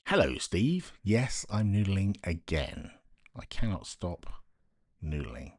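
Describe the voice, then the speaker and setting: A deep, slightly husky man chats casually on a late-night live stream, half-muttering to himself as he works. He keeps his voice down at home, and the sound is close and dry. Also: very animated, slow pace, no echo. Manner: talks to himself while working, quiet and muttering.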